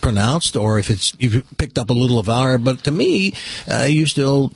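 A man's voice: mid-range voice, lively intonation, normal speed, vocal fry, husky, no room sound. An American man hosting a radio show, joking and teasing his guest. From United States. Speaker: radio host. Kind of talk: casual radio chat.

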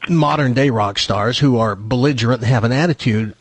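A man's voice: mid-range voice, a little fast, breathy edge, dry recording. A man co-hosting a radio show, chatting casually and animatedly, laughing easily. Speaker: radio co-host.

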